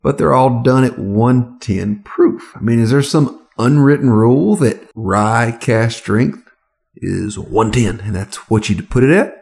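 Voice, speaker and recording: A man's voice: medium pitch, a little slow, vocal fry, a little mellow. A man from the American South co-hosting a casual whiskey tasting, easygoing and joking, with hesitant restarts.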